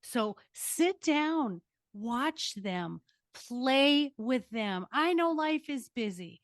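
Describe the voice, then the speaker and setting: A woman's voice: on the high side, lively intonation, extremely slow, no echo, clean studio sound. An older woman hosting a podcast interview, giving earnest, emphatic parenting advice. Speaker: podcast host. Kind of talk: casual interview chat.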